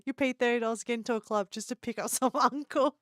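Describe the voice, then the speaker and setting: A woman's voice: fairly high pitch, fairly even intonation, quick pace, dry recording, studio quality. A woman hosting a casual live stream, chatting and constantly breaking into giggles.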